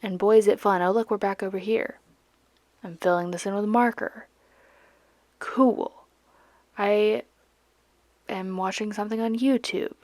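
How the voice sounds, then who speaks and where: A young art channel host from Georgia talks in a mid-range, slightly mellow voice, steady in tone and measured in pace, pausing often, with no room sound. Her light Southern accent colors a playful, goofy, self-mocking voiceover as she paints, sometimes sinking into a whisper.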